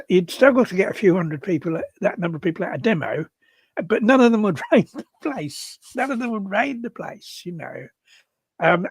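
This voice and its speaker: An older man from England co-hosting a casual discussion, talking in halting bursts with many restarts and repeated words. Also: on the high side, slightly rough, no room sound. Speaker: podcast co-host.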